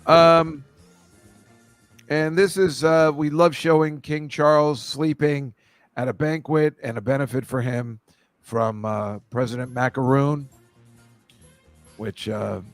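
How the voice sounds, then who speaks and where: A man's voice: medium pitch, fairly even intonation, no room sound, soft background music. Rambling man hosting a casual chat. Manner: rambling, halting, full of fillers. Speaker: podcast host.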